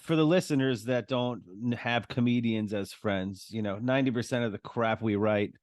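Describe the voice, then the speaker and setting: A man's voice: medium pitch, moderate pace, a little mellow, dry recording, clean studio sound. A man, a guest comedian, talking through joke ideas in a casual chat, storytelling and acting out little voices. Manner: storytelling, acts out voices for jokes.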